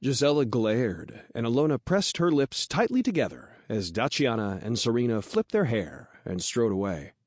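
A male audiobook narrator reading in a steady, measured way. His pitch is ordinary for a man, and the recording is dry and close with no room sound. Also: no room sound.

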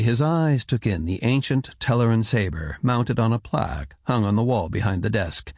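A man reading a fantasy audiobook in steady, even narration on a close mic. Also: on the low side, creaky, husky, no room sound. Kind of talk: scripted narration.

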